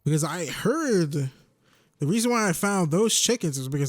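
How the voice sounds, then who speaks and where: A man's voice: on the high side, animated, normal speed, faint music behind. A man in his twenties rambling and joking as he commentates a video game. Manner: rambling, joking, talks to himself. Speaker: gaming YouTuber.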